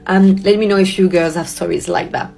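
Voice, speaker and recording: A woman's voice: on the low side, a little fast, creaky. Woman ranting about a bad night out, swears a lot, music under it. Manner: animated, indignant, swears often. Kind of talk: telling a personal story to camera.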